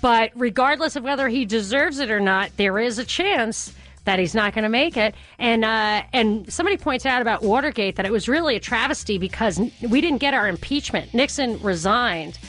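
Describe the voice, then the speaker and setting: A woman's voice: on the high side, a bit bright. A woman hosting a talk radio show from a studio, chatting casually and animatedly, laughing often.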